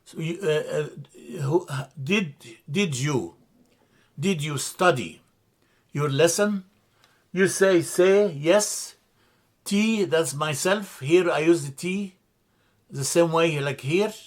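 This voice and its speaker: Slow, methodical male language teacher. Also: on the high side. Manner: slow, methodical, spells out letters and repeats words; frequent hesitations and self-corrections. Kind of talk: classroom grammar lesson.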